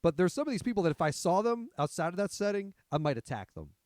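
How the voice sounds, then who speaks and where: A man's voice: sits high, very animated, quick pace, darkish tone, dry recording, clean studio sound. Blunt, profane man in casual chat. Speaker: podcast co-host.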